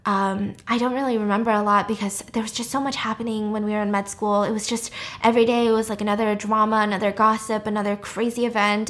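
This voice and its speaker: Give me a woman voicing a nervous, guilt-ridden young woman who keeps stumbling over her words. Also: a little high. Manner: halting, stammering, hushed.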